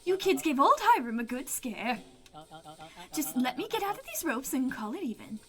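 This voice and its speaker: A woman voicing a sly, smooth-talking older man who coaxes and reassures. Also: high voice, very animated, normal speed, a bit bright, faint music behind. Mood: coaxing. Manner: coaxing, reassuring.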